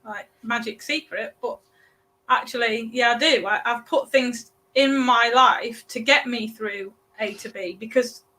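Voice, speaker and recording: A British woman in her thirties, a parenting coach chatting as a guest, talking in halting bursts with many restarts. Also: on the high side, sharp tone. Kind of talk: casual podcast interview.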